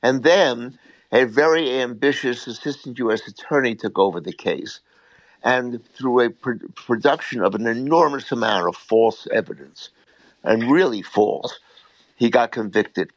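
An older man, a defense attorney, answering interview questions in a measured, emphatic way. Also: mid-range voice, no room sound, highs cut off.

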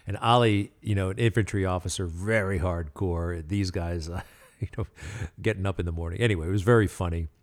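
A man hosting a podcast, telling a story casually and haltingly with many fillers and small laughs. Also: low voice, steady tone. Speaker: podcast host.

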